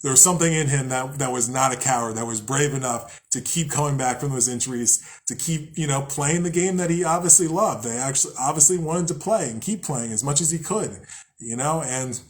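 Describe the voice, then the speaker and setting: This young podcast host talks fairly quickly in a mid-range voice, musing loosely about spirituality. He rambles and curses often, laughs at himself, and occasionally acts out angry voices.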